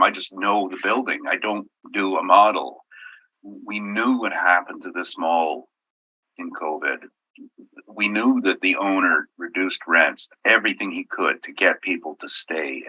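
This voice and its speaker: A man managing a property, presenting his appeal at a formal hearing in an earnest, halting way with many fillers. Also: low-pitched, bright, forceful tone, slightly rough, poor audio.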